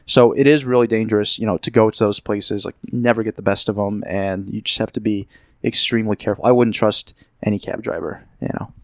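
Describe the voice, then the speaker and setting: A man's voice: on the low side, fairly even intonation, a little fast, dry recording. A man telling a long rambling anecdote in a casual chat, acting out what people said. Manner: rambling storyteller, acts out quotes. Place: Las Vegas.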